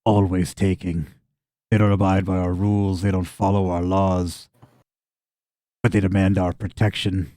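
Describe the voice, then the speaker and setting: Guy doing a cold mean farmer npc, low slow grumble, dry mic. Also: level tone, warm tone, no echo, close to an everyday voice. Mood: contemptuous. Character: cold, bigoted older male farmer.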